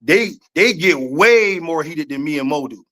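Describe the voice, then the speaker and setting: A man with a fairly high voice co-hosts a casual talk show. He argues his side with emphasis, circling back to the same points in loose slang. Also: expressive, a little slow, fairly bright tone. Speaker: podcast co-host. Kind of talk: casual debate chat.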